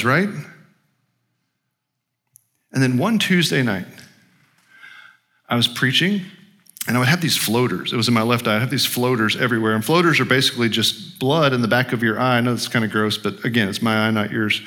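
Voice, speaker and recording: A man's voice: mid-range voice, brisk, long pauses, bright, forceful tone. A middle-aged man, a pastor, telling a personal story in a conversational, self-deprecating sermon with many restarts.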